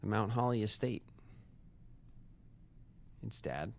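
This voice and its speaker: A man with a fairly low voice thinks aloud while he plays a puzzle game live. He chats with his viewers in a loose, joking way and keeps up a stream of commentary. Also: lively intonation, takes it slowly, creaky. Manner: chatty, talks to chat and himself, jokey asides. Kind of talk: casual live gameplay commentary.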